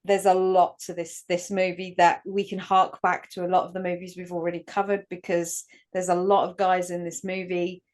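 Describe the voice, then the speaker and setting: A woman's voice: lowish voice, flat delivery, normal speed, hardly any pauses, a little mellow. A woman co-hosting a podcast, chatting with enthusiasm and rambling a little with fillers. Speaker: podcast co-host. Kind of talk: casual chat.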